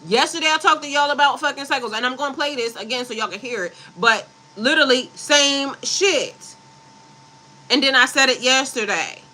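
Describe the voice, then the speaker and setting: A woman's voice: sits high, normal speed, bright, forceful tone, low-quality recording. A woman spiritual coach talking casually on a livestream, reading affirmations and breaking into blunt, profane asides.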